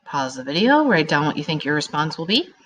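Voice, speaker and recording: Lively teacher woman, animated delivery. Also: deep voice, fairly quick, husky. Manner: animated and emphatic, stretching words for students. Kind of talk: recorded grammar lesson for students.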